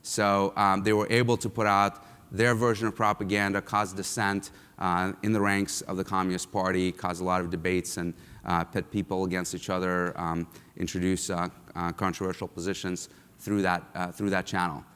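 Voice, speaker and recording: A low-pitched Russian man gives a keynote talk in a large lecture hall, his smooth, resonant, slightly bright voice carrying a long hall reverb. He speaks conversationally at normal speed with a level tone and plenty of ums and uhs.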